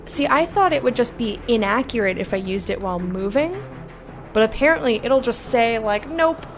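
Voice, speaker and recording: A young adult woman streaming a game, chatting excitedly with viewers, swearing, and slowly reading game text aloud. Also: a little high, faint music behind. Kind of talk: blind let's-play commentary, chatting with viewers.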